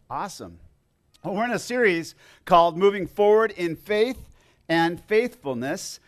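Chatty pastor, man with raised pitch. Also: lively intonation. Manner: chatty, joking, halting restarts. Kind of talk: casual sermon with congregation. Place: church sanctuary.

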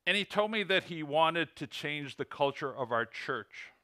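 A man with an Illinois accent delivers a church sermon as a visiting ministry coach. His voice is bright and forceful, and he earnestly works through lists and figures. The sound is dry and close, with hardly any room echo. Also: on the high side, animated, a little slow. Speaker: ministry coach, guest preacher. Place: church sanctuary.

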